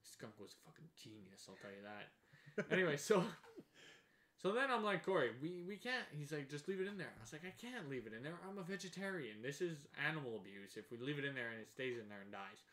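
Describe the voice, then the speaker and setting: A man telling a wild story in casual chat, animated, swearing and laughing as he goes. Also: a little high, fast. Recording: echoey room.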